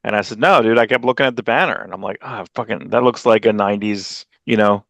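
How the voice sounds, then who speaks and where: Low-voiced rambling podcast co-host, man. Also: fast talker, vocal fry, fairly bright tone, dry recording. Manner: rambling storyteller, acts out quotes with sudden jumps in pitch. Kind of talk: casual chat.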